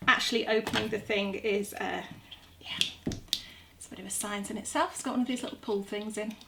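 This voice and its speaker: A woman's voice: medium pitch, fairly even intonation, a little fast, creaky. A middle-aged woman chatting casually while demonstrating a recipe in her kitchen, joking about herself as she works. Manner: chatty, self-mocking, talks while working. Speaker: gardening vlogger. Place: home kitchen. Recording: audible background noise.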